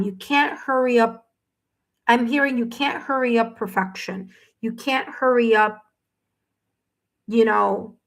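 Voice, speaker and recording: A tarot reader on a live stream gives a paid reading, addressing the viewer directly with soothing reassurance despite a case of the hiccups. Her voice is slightly high, and the recording is rough.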